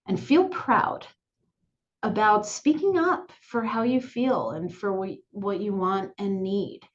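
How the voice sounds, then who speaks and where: Woman educator talking to camera, calm and clear, repeats stuff, kinda lo-fi sound. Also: medium pitch, takes it slowly. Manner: calm, clear and reassuring, repeats key points. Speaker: sexuality educator. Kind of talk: direct-to-camera lesson. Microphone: looking into camera, on-camera mic.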